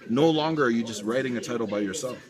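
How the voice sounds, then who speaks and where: A man's voice: mid-range voice, quick pace. A man coaching a beginner on making videos, talking directly and encouragingly. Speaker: YouTube coach giving advice. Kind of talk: casual coaching chat. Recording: crowd noise behind. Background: crowd.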